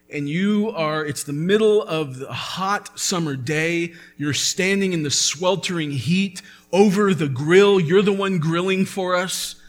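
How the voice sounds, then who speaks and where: A man's voice: on the high side, fairly bright tone. A man preaching a sermon as pastor, earnest and building to emphatic peaks.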